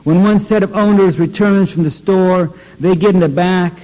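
A man with a notably high voice reads his poems in a wry, measured way, breaking into casual asides. The sound hangs in a long hall reverb. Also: steady tone, mellow. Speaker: poet. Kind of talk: poetry reading.

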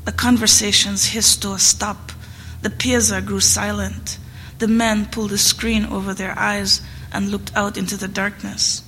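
Woman reading a story aloud, flat steady delivery, gravelly voice, long hall reverb. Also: medium pitch, slight background noise. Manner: measured and rhythmic. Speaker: reader. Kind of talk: reading literary fiction aloud.

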